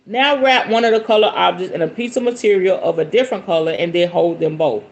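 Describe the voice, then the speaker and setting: A woman's voice: fairly low pitch, quick pace, gravelly, muffled recording. A woman hosting a podcast, reading a book aloud and breaking off into playful, casual commentary. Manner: animated, playful asides between read passages. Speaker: podcast host.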